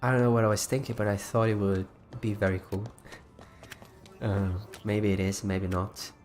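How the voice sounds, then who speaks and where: A man's voice: on the low side, level tone, normal speed, darkish tone, faint music behind. A man hosting a casual livestream, chatting loosely with frequent restarts while walking viewers through his creation. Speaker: livestream host.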